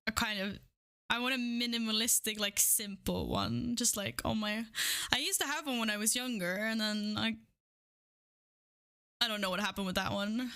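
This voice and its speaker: A woman's voice: mid-range voice, moderate pace, sharp tone. A woman livestreamer chatting casually with her viewers, bubbly and giggly as she greets them one by one. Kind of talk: casual live-stream chat. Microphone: streaming microphone, wearing headphones.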